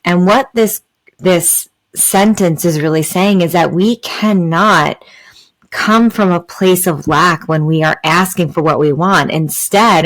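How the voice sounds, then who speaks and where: A woman's voice: fairly low pitch, low-quality recording. A woman hosting a spiritual podcast, talking in an earnest, explanatory way with many fillers and "right?" asides. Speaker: podcast host. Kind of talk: spiritual talk, reflective and explanatory.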